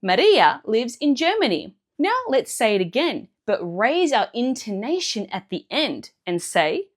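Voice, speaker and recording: A woman speaks as a language teacher in a scripted lesson, walking through each point clearly and step by step. Her voice sits a bit high and swings widely up and down as she explains. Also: big pitch swings, measured pace.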